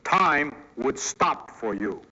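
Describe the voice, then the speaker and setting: A man's voice: mid-range voice, animated, takes it slowly, sharp tone, slightly rough, lo-fi sound. A man narrating a science video in a scripted, explanatory tone. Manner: explanatory, upbeat teaching tone.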